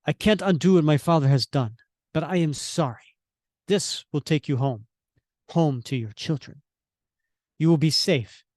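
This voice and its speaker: A remorseful young woman warrior who speaks with solemn earnestness, read out by a man from a comic. The voice runs a bit high and slow, in a close, dry sound. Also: darkish tone, no echo, lightly acted.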